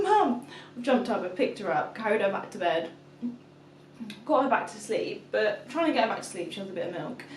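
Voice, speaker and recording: A woman's voice: medium pitch, slight background noise. A young woman and mother chatting casually to camera, telling a story and acting out her toddler's calls. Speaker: vlogger, mother of two. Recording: echoey room, mic at a distance.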